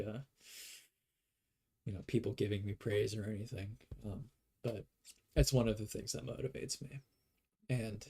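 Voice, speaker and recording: A man's voice: fairly low pitch, a little mellow. A man hosting his own channel, talking casually and earnestly to his viewers, full of fillers and restarts. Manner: rambling, filler-heavy, earnest and upbeat. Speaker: channel host. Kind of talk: casual vlog talk to viewers.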